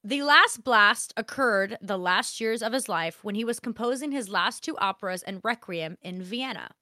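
A woman co-hosting a casual podcast, reading history aloud with animated, profane, laughing banter. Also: mid-range voice, normal speed, no echo, clean studio sound. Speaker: podcast co-host.

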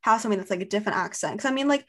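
A woman's voice: medium pitch, racing, fairly bright tone. A woman hosting a casual fan chat. She talks in a gushing way, full of fillers.

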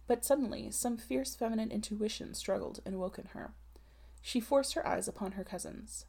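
A woman narrating a classic novel in a measured, literary audiobook reading. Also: on the high side, gravelly, a little mellow, breathy edge.

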